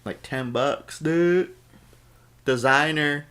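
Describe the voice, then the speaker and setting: A man's voice: on the low side, normal speed. A man co-hosting a podcast in casual chat, rambling and joking, with cursing and playful quoted voices. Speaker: podcast co-host.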